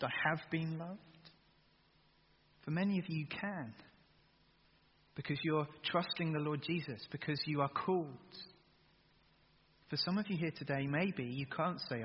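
A man's voice: fairly high pitch, slight background noise. A man preaching an earnest sermon to a congregation, full of emphatic rhetorical questions. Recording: dull sound with long hall reverb.

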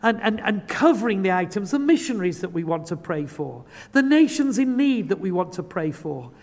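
A man's voice: high-pitched, very animated, normal speed. A man preaching a sermon, earnest and building to impassioned pleading. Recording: long hall reverb.

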